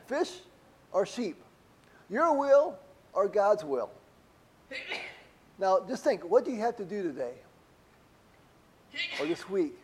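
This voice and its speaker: High-voiced male preacher, mellow tone. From Spanish-speaking country. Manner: conversational preaching with frequent "okay?" check-ins. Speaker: pastor. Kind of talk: sermon.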